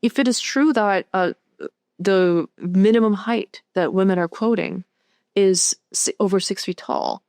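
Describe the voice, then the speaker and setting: A woman film director speaking as a guest in a casual interview, thinking aloud in a halting way with many restarts. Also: mid-range voice, a little mellow, no echo, clean studio sound. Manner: thoughtful, halting, full of "like" and restarts.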